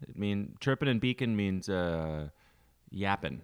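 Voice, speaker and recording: A man's voice: low-pitched, animated, unhurried, smooth. A man from Canada, co-hosting a podcast in casual comedic banter, teasing his partner. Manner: teasing, breaks into goofy put-on voices. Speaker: podcast co-host.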